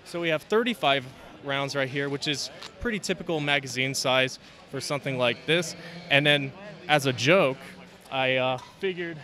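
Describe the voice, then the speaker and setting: A man speaks at a moderate pitch with a bright, forward tone. He walks through his own models in a loose show-and-tell style, filling pauses with "uh" as he handles the pieces. The recording was made at a busy convention. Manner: relaxed, demonstrating as he talks, many fillers. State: out of breath. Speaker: LEGO builder showing his models. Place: convention hall, indoors.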